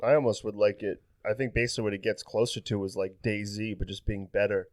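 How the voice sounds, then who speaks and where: A man's voice: lowish voice, flat delivery, fast, no echo. Rambling young man in dry gaming chat. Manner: rambling, many fillers and restarts. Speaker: podcast co-host.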